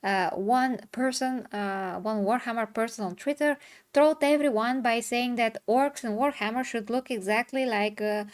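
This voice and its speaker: A woman's voice: on the high side, normal speed. Chatty woman hosting a discussion. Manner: rambling, restarts mid-sentence, reads viewer comments aloud. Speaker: host. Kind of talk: casual chat.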